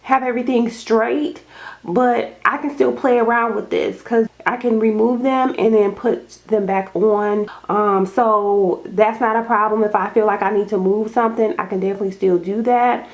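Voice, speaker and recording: A young adult woman chatting casually in an unboxing vlog at home, gushing and excitable, calling her viewers y'all. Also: medium pitch, moderate pace, muffled recording. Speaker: home decor vlogger. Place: home dining room.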